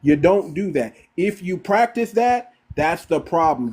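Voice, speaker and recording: A man hosting a live online audio room, arguing forcefully and repeating phrases for emphasis. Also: sits high, lively intonation, a little slow, slightly rough, rough recording. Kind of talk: heated live-stream debate.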